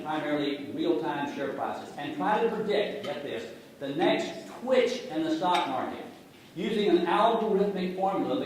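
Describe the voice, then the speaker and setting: A middle-aged man, giving a sarcastic, jokey talk on finance to a live audience and speaking to it directly. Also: on the high side. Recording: echoey hall from far off, noisy.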